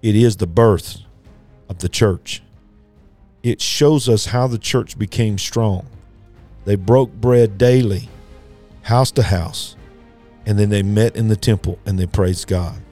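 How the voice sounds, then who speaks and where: Over faint background music, a man with a mellow voice preaches slowly, pausing often. His sermon is emphatic and repetitive, climbing to fervent pitch, folksy and aimed straight at the listeners.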